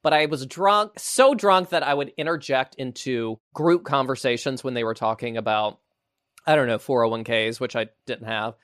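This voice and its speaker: A man's voice: medium pitch, moderate pace, no echo, clean studio sound. A man hosting a casual podcast chat, reading out questions and joking around with his guest. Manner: animated, jokey question-asker. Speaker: podcast host.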